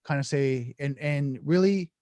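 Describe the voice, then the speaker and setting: A slightly high-voiced man talks earnestly on a podcast, breaking into little acted-out exchanges to show his point. He restarts often as he thinks. The sound is close and dry, with no room around it. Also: measured pace, warm tone, dry recording. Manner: earnest, acts out sample dialogues, many restarts. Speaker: podcast guest, negotiation coach. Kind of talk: casual explanatory podcast talk.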